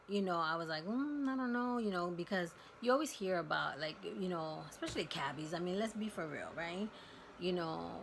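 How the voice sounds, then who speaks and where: Low, gravelly woman telling a story. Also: slight background noise. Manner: candid, emphatic retelling, drops to a hush at tense moments. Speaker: vlogger. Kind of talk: casual storytelling.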